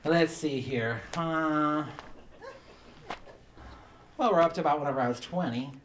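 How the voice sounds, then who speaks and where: A man doing a stand-up comedy set, telling campy stories about his mother and mimicking her in a shrill voice, with audience laughter behind him. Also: measured pace, slight background noise. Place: comedy club stage. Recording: roomy club sound from some distance.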